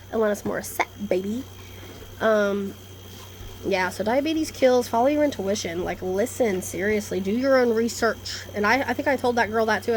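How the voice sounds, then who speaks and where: A woman's voice: mid-range voice, a little hiss or hum. A woman vlogging a casual, rambling monologue, blunt and profane, jumping from topic to topic. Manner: blunt, profane, animated, jumps between topics. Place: indoors, storm coming in outside.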